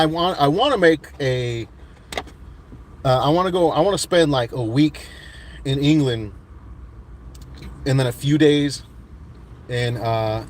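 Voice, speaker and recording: A man's voice: mid-range voice, slight background noise. Laid-back man rambling through chat. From United States. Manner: rambling, laid-back, with many restarts and fillers. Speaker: livestream host reading chat. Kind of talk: casual chat.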